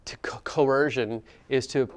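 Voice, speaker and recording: A man's voice: medium pitch, fairly even intonation, measured pace. A man teaching a history class, talking conversationally and asking students questions as he goes. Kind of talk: classroom lecture.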